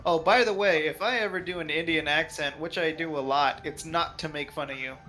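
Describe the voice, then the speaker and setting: A man's voice: fairly high pitch, a little fast, sharp tone, faint music behind. A man playing a tabletop game, chatting in a giggly, talkative way. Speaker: player. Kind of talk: casual game chat.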